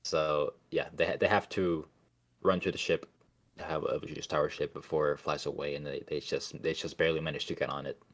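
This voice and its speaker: A young man co-hosting a podcast, recapping a film plot in casual chat, halting with restarts and casual swearing. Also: rumbling low, flat delivery. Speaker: podcast co-host.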